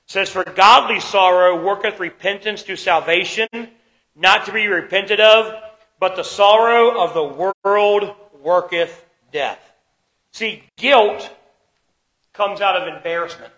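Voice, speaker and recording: High, bright-voiced preaching man. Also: low-quality recording. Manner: preaching with dramatic shifts in loudness and pace. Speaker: pastor. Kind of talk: sermon.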